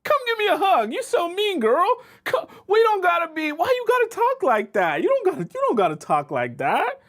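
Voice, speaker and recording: A flustered young man , put on by a man, begs in a whiny, squeaky voice. His pitch jumps far above a normal speaking voice and swoops around wildly. He sounds loud and clingy. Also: huge pitch swings, normal speed, heavily acted. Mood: pleading. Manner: whiny, high-pitched, gasping pleas.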